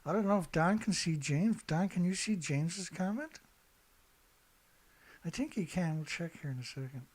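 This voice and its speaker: A middle-aged man hosting a casual livestream, rambling and chatty, clearing his throat often and swearing now and then. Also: sits high, lively intonation, moderate pace. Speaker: show host.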